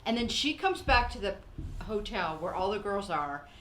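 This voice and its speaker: With slight background noise behind her, an older woman hosting a podcast chats casually at a moderate pace in a medium-pitched voice. She acts out what people told her and laughs often as she tells her stories.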